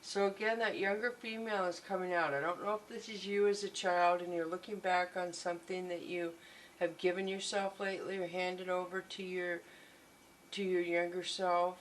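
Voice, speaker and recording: A woman's voice: on the low side, fairly even intonation, moderate pace, slight background noise, poor audio. A woman giving a tarot reading, gushing and reassuring, often repeating her encouragements. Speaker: tarot reader.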